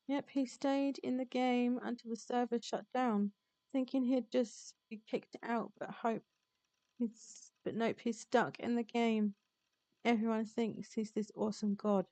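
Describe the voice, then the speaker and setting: A woman VTuber reading a visual novel aloud on stream, chatty and quick to laugh. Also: on the high side, fairly even intonation, warm tone, no room sound. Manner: chatty, reads game text aloud, laughs often. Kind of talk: live-streamed visual novel read-along.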